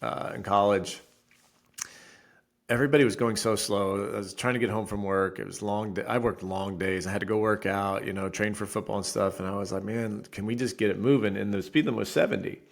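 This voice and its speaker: Animated man telling a story. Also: on the low side, brisk, vocal fry. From Florida resident. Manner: animated storyteller, acts out quotes loudly. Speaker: podcast co-host. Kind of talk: casual podcast chat.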